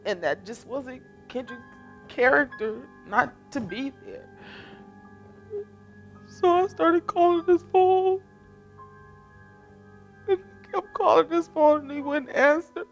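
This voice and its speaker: A woman's voice: high voice, expressive, slow, pauses often, dull audio, faint music behind. A middle-aged woman, a bereaved mother giving an emotional personal testimony, tearful, her voice rising as she tells it.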